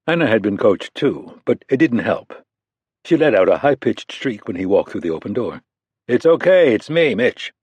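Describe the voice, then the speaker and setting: Low husky guy reading an audiobook, steady, dry close sound. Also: no room sound. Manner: measured, steady storytelling. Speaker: audiobook narrator. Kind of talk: scripted narration.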